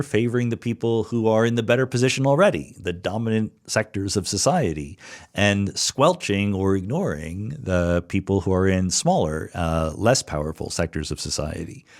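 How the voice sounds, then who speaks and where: A man's voice: lowish voice, lively intonation, moderate pace. An American man hosting a podcast, answering listener questions alone in a thoughtful, explanatory way and thinking aloud with small restarts. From United States, Philadelphia suburbs. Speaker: podcast host. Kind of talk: solo listener Q&A monologue.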